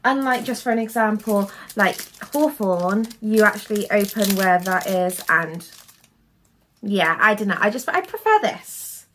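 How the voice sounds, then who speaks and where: A woman's voice: medium pitch, expressive, unhurried, fairly bright tone, a little hiss or hum. A young woman in a casual haul vlog, talking in a chatty, rambling way full of fillers. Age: young adult. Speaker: vlogger.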